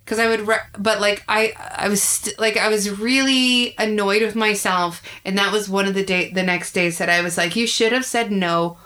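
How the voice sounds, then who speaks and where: A woman's voice: mid-range voice, moderate pace, hardly any pauses. A woman comedian in her thirties telling candid, profane stories in a casual chat. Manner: candid, profane, animated storytelling. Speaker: comedian guest.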